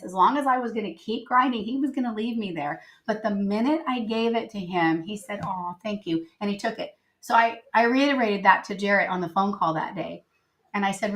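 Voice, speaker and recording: A middle-aged woman, a podcast guest, telling personal stories in a casual, animated way and acting out the dialogue. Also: medium pitch. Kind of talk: casual interview storytelling.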